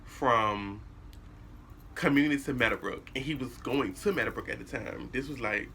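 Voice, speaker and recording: A young man telling a personal story to his viewers in a casual, animated way, blunt and full of cursing. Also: mid-range voice, normal speed, vocal fry, slight background noise. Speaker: vlogger.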